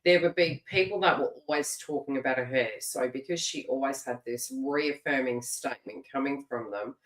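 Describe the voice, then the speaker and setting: A woman's voice: a bass voice, normal speed. A middle-aged Australian woman giving a live tarot reading and chatting casually, laughing often and restarting her phrases. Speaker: tarot reader. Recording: roomy echo.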